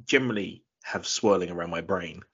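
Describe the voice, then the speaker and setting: A man telling a story in casual podcast chat, in a measured, dry way. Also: low-pitched, fairly bright tone, slightly rough. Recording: muffled lo-fi audio.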